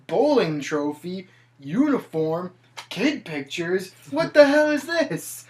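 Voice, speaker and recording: Griping egotistical slacker scientist, as a man puts him on, pitched well above his own voice, ranting. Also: sing-song, slow, darkish tone, full character voice. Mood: indignant.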